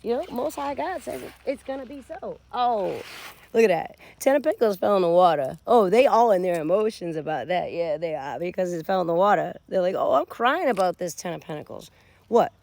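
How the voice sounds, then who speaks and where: Gravelly, animated woman reading tarot. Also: lowish voice, a little fast. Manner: animated, addresses viewers directly. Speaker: tarot reader.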